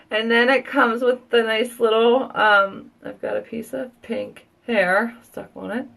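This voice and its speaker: Slow-talking chatty woman reviewing beauty products. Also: on the high side, gravelly, a bit bright. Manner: chatty, rambling, gushing. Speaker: beauty vlogger and mother. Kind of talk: casual live product review. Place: at home, children heard downstairs.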